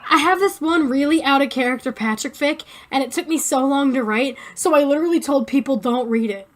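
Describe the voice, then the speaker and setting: Young woman, high voice, podcast co-host, blunt, swearing, animated banter. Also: a little fast. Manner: blunt, profane, animated joking. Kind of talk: casual chat.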